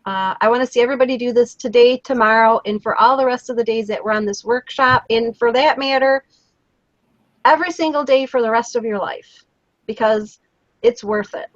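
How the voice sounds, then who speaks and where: An earnest woman chatting on a live stream, a touch higher than most. Her voice is close and dry, and the sound is dull and lo-fi. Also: brisk, no room sound. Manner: earnest, storytelling, encouraging. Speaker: co-host of a daily live show. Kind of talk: casual live-stream chat.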